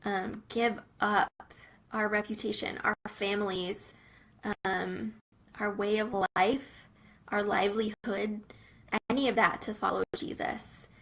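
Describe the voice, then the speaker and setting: Bright, earnest young woman talking faith. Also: mid-range voice, steady tone, slow pace, gravelly, poor audio. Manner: earnest and conversational, many fillers like "um" and "like". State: briefly teary-eyed. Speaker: Christian business coach. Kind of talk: casual faith and business talk.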